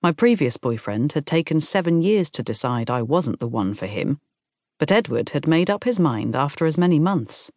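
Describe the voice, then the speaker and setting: A woman reading a first-person novel aloud in a calm, measured storytelling manner. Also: sits low, dry recording, clean studio sound. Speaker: audiobook narrator. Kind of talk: scripted first-person narration.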